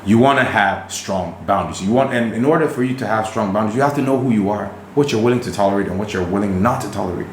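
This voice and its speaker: A man with a lowish voice co-hosts a casual podcast, laying out dating advice in an emphatic, preachy way. His voice rings in a roomy, echoey space with a faint hiss behind it. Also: quick pace, hardly any pauses. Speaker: podcast co-host.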